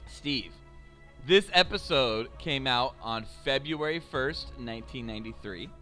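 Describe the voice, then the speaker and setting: A man's voice: mid-range voice, expressive, unhurried, bright, forceful tone, soft background music. A man co-hosting a comedic podcast in casual chat, playfully grandiose and jokey, swinging between a theatrical voice and a whiny nerd voice. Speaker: podcast co-host.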